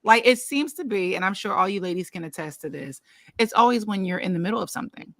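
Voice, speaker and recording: Woman panel guest, animated storyteller, dry close recording. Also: medium pitch, fast, no room sound. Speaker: brand strategist and podcast guest. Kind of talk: casual storytelling.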